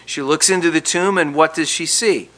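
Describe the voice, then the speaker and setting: A man preaching a verse-by-verse sermon with an expressive delivery that swings from emphatic to hushed. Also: a little high, moderate pace.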